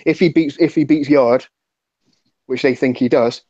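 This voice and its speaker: A man's voice: medium pitch, steady tone, normal speed, warm tone. A man on a casual podcast panel, blunt and dismissive. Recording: dull lo-fi sound.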